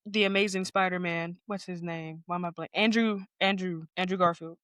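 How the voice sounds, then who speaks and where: A woman's voice: on the low side, fairly even intonation, fairly quick, a bit bright, no room sound, studio quality. A young woman co-hosting a family podcast, teasing her father in a playfully bossy way. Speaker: co-host, daughter. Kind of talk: casual family podcast chat.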